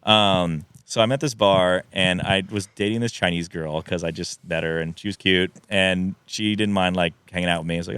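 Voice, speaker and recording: A man's voice: sits low, steady tone, normal speed, few pauses, fairly bright tone, smooth, no echo. A man in his thirties telling a long personal story on a podcast, acting out quotes and laughing often. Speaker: podcast guest. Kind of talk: casual storytelling. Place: podcast studio.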